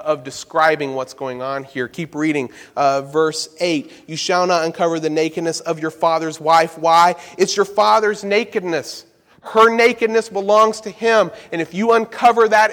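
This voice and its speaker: A man's voice: sits high, fairly bright tone. A man preaching a Bible-study sermon, explaining verses emphatically and turning to the listeners with asides. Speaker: pastor. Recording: long hall reverb.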